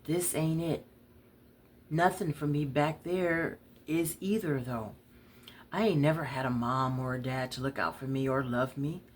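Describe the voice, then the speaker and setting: A woman's voice: extremely low pitch, measured pace, slight background noise, pitched below the performer's own voice. A woman storyteller voicing a hardened woman in her thirties on the run, talking bluntly in street slang. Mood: resigned. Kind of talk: dramatic story reading.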